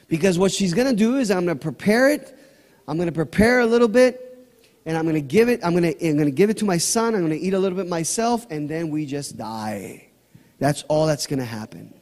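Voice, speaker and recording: A male pastor delivers a sermon in a high voice, pressing his points with passionate emphasis. His words ring out with a long reverb through a church sanctuary. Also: darkish tone. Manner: passionate preaching, rising to emphatic peaks.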